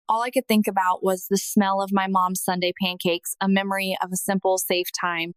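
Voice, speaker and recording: A woman in her thirties narrates a personal spiritual testimony in an earnest, heartfelt tone. Her voice sits at an ordinary middle pitch and is recorded close and dry, with no room sound. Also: level tone, a little fast, hardly any pauses, clean tone, dry recording, rough recording. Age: 30s.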